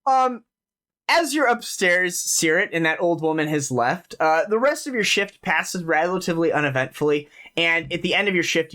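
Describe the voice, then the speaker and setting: Casual game master with a lively voice. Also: male voice, fairly high pitch. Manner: casual, filler-heavy narration. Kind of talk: narrating a tabletop game.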